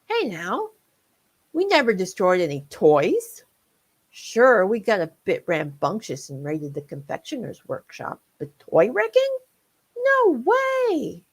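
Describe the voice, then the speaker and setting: A woman voicing an excitable male reindeer who gushes and squeals like an eager fan. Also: medium pitch, takes it slowly, slightly rough, heavily acted. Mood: indignant. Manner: squealing, breathless gushing.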